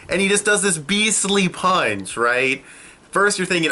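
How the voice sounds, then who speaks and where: Excitable, bright-voiced young man. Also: sits high, measured pace, slight background noise. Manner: excitable and profane, swears often. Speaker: anime reviewer. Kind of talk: casual video review. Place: home room.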